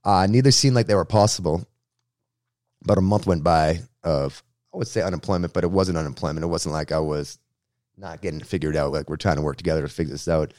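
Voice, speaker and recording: Deep-voiced radio host from Boston, quick slangy storyteller, interview guest. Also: male voice, no echo, studio quality. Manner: slangy, lively anecdotal telling.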